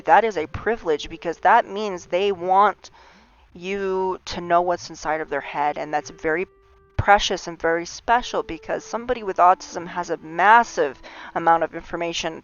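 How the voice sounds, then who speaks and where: A woman hosting a livestream, talking in an earnest, impassioned monologue full of restarts and rising emphasis. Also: on the low side. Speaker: livestream host. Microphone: streaming mic. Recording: slightly dull lo-fi stream audio.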